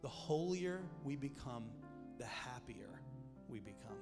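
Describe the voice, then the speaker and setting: A man's voice: medium pitch, animated, a little slow. A man preaching a sermon in a conversational way, with jokes and emphatic points. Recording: long hall reverb with music behind.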